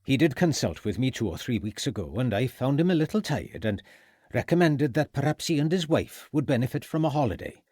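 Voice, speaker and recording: A man's voice: medium pitch, sing-song, brisk, a little mellow, dry recording, studio quality. A man voicing a pompous, long-serving town doctor with a pronounced Welsh accent who talks stiffly and self-importantly.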